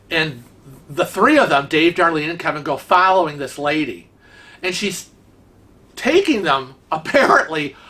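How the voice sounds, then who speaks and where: A man host casually telling a story on his vlog, chatty and animated, acting out what others said. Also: a little high. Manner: chatty, animated, acts out quoted dialogue.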